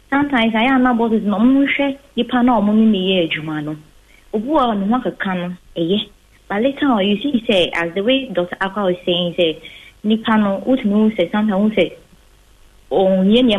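A woman's voice: medium pitch, animated, normal speed, breathy edge. A woman with a Ghanaian accent calling in to a radio show, telling her story in a rambling, pidgin-flavored way. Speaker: radio caller. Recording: tinny phone line.

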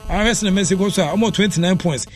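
A man's voice: high voice, racing, faint music behind. A man with a Ghanaian accent presenting a sports radio show, rambling and mixing in many fillers. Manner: rambling, switches between Twi and English with many fillers. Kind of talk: casual sports radio talk.

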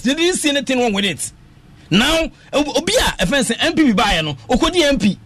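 A Ghanaian man with a strikingly high, husky voice argues about football on radio. He talks quickly, with a lot of pitch movement, and slips into sing-song phrases. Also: very animated, fairly bright tone. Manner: passionate, switches between English and Twi, sing-song phrases. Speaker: radio sports talk panelist. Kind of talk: animated radio sports talk.

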